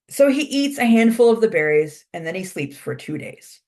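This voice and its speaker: A woman's voice: mid-range voice, lively intonation, moderate pace, hardly any pauses, darkish tone. A woman instructor telling a traditional story in a casual, chatty lecture.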